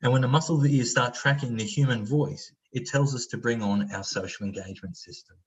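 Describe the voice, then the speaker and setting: Speaking a little fast in a medium-pitched voice, a man runs an online training workshop casually, full of fillers and acting out example voices. The recording has its highs cut off.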